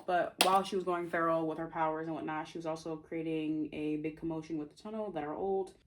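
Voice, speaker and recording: A woman's voice: deep voice, steady tone, fast, noisy background. A young woman casually retelling the plot of her own novel, chatty and full of fillers, often breaking into giggles.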